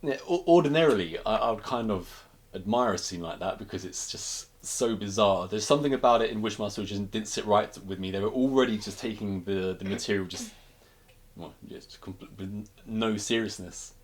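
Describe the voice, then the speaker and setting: A man co-hosting a casual film review podcast, retelling plots in an animated way with frequent restarts. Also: fairly low pitch, moderate pace. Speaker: podcast co-host.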